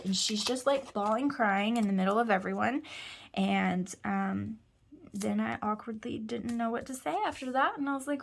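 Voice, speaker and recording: A woman's voice: medium pitch, steady tone, moderate pace, creaky, slight background noise. A woman in her thirties telling a personal story in a casual, chatty, self-deprecating way, often quoting herself and others. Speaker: host.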